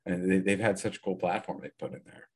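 An easygoing man with a low voice chats along as a podcast co-host, relaxed and talkative. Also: fast talker, husky. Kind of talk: casual podcast chat.

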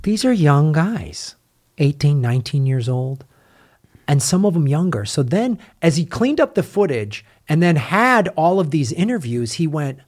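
Animated man retelling a film story. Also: fairly high pitch, measured pace. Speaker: podcast host. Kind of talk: casual film review chat.

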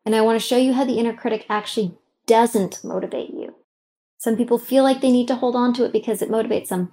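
A woman's voice: mid-range voice, mellow. A middle-aged woman hosting and guiding a self-help exercise, coaching the listener directly with emphatic, encouraging instructions.

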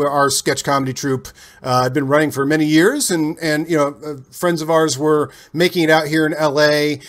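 A man from Cincinnati, a guest telling long, animated anecdotes with frequent restarts and self-corrections. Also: fairly high pitch. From Cincinnati, USA. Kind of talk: casual interview storytelling.

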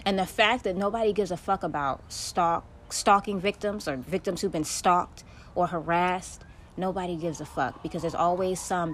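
A woman's voice: on the low side, moderate pace, slight background noise. Profane woman venting on a podcast. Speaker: podcast host. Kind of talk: solo podcast monologue.

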